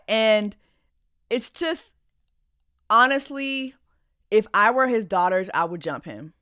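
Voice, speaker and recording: A woman's voice: medium pitch, a bit bright, dry recording, studio quality. A woman podcast host giving blunt, indignant reaction commentary on a reality show clip in a casual, conversational way.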